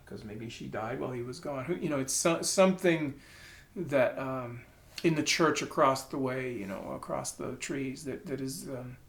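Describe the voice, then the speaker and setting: A man giving a casual piano lesson, thinking aloud and stopping to sing notes and syllables. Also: mid-range voice. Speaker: piano teacher. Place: room with a piano. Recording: roomy room with piano playing.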